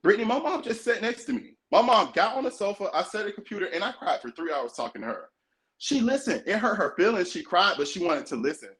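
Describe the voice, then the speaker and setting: A man's voice: high-pitched, sing-song, quick pace, a bit bright. A man co-hosting a podcast, talking earnestly and emphatically in casual chat. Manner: earnest, emphatic, acts out quoted voices. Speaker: podcast co-host.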